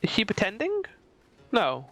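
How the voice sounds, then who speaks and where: A man's voice: high-pitched, huge pitch swings, a little slow, sharp tone, faint music behind. A man streaming a game, chatting with his viewers and reading cutscene dialogue aloud in his own voice. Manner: chatty, reacts aloud to the game, reads cutscene lines in a plain voice.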